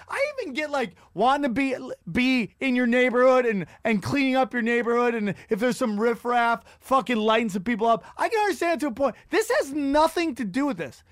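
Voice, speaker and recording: A man's voice: extremely high pitch, brisk, hardly any pauses, no echo, clean studio sound. A man hosting a podcast, rambling and profane in a casual comedic rant. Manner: rambling, profane, animated storytelling. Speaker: podcast host.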